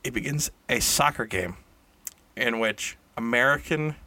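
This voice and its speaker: A man's voice: medium pitch, measured pace, pushed and bright, dry recording. A man casually improvising a silly story, correcting himself as he goes and laughing at his own jokes, in a room shared with a co-host.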